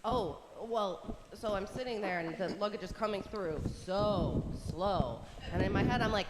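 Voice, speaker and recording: A woman from Southeast Wisconsin, a radio guest telling a story in a lively, chatty way. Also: mid-range voice, long reverb tail, a loud crowd, rough recording. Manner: lively, chatty, quick bursts. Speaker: guest caller on radio show. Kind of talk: casual storytelling. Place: resort hotel on location.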